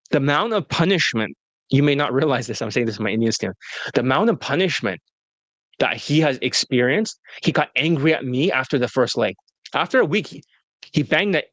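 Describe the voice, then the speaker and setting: A man's voice: mid-range voice, no echo. A man working as a dating coach, talking bluntly and crudely in a casual interview and laughing often.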